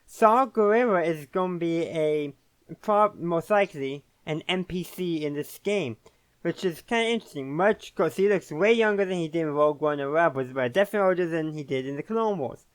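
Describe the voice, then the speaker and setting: A man's voice: on the high side, moderate pace, smooth, dry recording. A man hosting a casual video game commentary, rambling and often correcting himself mid-sentence. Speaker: host.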